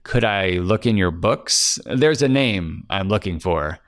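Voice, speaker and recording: A man's voice: deep voice, expressive, a little slow, no room sound, studio quality. A man voicing a polite, persistent private detective who asks careful, courteous questions. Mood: probing.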